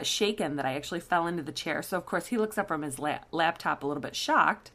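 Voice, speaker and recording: Low-voiced woman telling a story. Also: a bit bright. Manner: candid storytelling with fillers and self-corrections. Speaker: coach. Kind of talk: personal story told to listeners.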